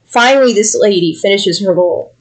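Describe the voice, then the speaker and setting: A woman co-hosting a podcast, telling a work story in an animated, laughing way. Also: mid-range voice, brisk, poor audio. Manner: animated, laughing often, acting out quotes. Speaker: podcast co-host. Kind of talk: casual storytelling.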